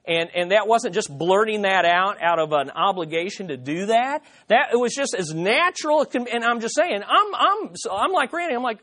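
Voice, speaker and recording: High-voiced man preaching a teaching sermon. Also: moderate pace. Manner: earnest, animated storytelling with repeated rhetorical questions. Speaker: pastor.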